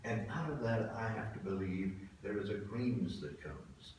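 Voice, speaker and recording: A man in his seventies, a pastor delivering a sermon, telling stories earnestly and swinging between soft and loud. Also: lowish voice, expressive, normal speed, distant mic. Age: 70s. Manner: earnest storytelling, swelling and dropping in volume. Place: church sanctuary. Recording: very echoey hall from afar, faint hiss.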